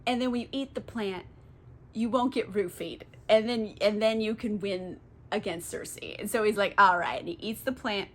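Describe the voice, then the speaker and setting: A young woman, tipsy, summarizing a book in a giggly, swearing, casual way, full of "like". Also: medium pitch. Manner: giggly, swears a lot, filler-heavy. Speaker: book channel host.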